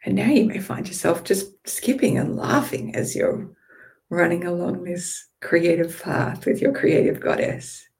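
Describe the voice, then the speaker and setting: A woman leading a guided visualization in a drifting, playful way, moving between calm imagery and casual swearing. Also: lowish voice, a little slow, vocal fry. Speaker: meditation guide.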